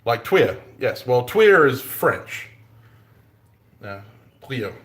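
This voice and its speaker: An Australian bladesmith chats casually on a live stream from his forge, joking, punning and laughing a lot. His mid-range voice is very animated and a bit bright, with drawn-out words. The workshop sounds roomy and echoey.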